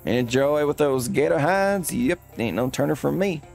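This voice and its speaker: A man's voice: medium pitch, huge pitch swings, moderate pace, gravelly, darkish tone. A man reading the lines of a blunt young male adventurer hero, earnest and pushy, over faint game music. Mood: insistent.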